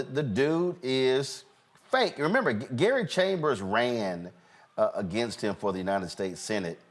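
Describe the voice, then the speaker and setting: A man hosting a casual political commentary show, animated and mocking, talking while fumbling to play clips. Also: medium pitch. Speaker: host.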